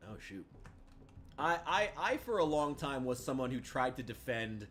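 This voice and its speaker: A man streaming a game, giving rambling casual commentary with many fillers and restarts, sometimes getting excitable. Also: mid-range voice, moderate pace, slight background noise.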